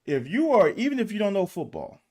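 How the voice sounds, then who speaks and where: A man giving casual commentary on football game film. He talks to viewers directly and critiques the plays in an animated, exasperated way, with swearing. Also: sits high, a little fast. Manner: addresses viewers directly as "y'all". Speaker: football film breakdown host.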